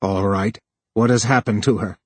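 Man voicing a grim desperate man, low, gruff, husky, dry. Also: fairly even intonation, moderate pace, a little mellow, no room sound.

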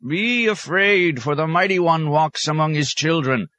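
A man's voice: fairly high pitch, measured pace, bright, forceful tone, no echo, pitched above the performer's own voice. A man voicing an old male warrior who chants a ceremonial proclamation in solemn, archaic tones. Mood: ceremonial wailing.

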